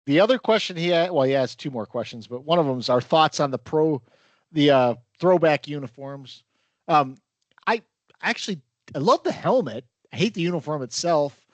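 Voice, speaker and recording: A man co-hosting a podcast in casual sports chat, halting and wry, often repeating words. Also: fairly high pitch, expressive, dry recording, dull audio. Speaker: podcast co-host.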